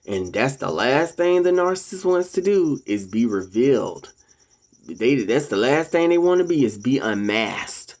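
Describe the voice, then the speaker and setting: A casual monologue from a vlogger speaking straight to viewers. The delivery is preachy and sermon-like, with repeated calls to ladies and gentlemen. Quoted voices are acted out higher and louder. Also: big pitch swings, a little slow. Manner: acts out quoted people in a raised voice.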